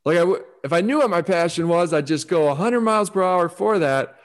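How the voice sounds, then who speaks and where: A man giving conversational advice on focus as a guest, animated and acting out quoted voices as he talks. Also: sits high, fairly quick. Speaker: guest speaker on focus and success.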